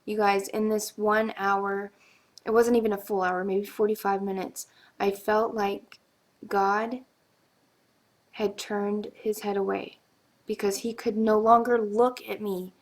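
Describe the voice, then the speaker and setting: A woman giving a personal faith testimony to viewers, earnest and halting, with many pauses and restarts. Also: mid-range voice. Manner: emotional, confessional.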